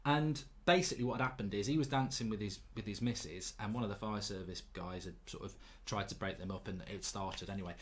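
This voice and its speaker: A man's voice: on the low side, quick pace. Cheeky man telling stories. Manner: cheeky, animated anecdotes with mocking jibes. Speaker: podcast host. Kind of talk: casual storytelling.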